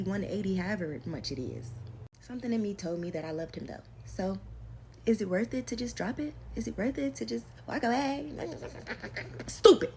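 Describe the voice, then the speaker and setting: Young woman, storytime vlog, casual, slangy, emphatic, repeats for effect, mid-pitched voice. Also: gravelly, noisy background.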